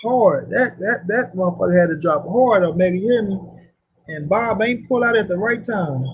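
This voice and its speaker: High husky-voiced man ranting. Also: normal speed, rough recording. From St. Louis, USA. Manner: profane, slangy, repetitive rant. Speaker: boxing commentary host. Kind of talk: casual boxing talk.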